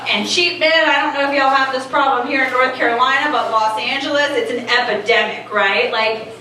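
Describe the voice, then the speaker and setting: In her late thirties, a woman with a high voice performs stand-up on a comedy club stage, talking briskly in a wry, conversational way full of "like"s. The noisy recording sounds echoey and distant.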